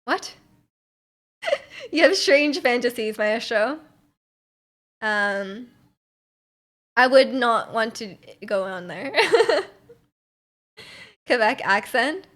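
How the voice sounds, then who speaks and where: A woman's voice: on the high side, lively intonation, very slow, pauses often, a bit bright. A young woman from Canada, streaming and chatting casually while reading viewer messages, rambling with lots of fillers and giggly asides.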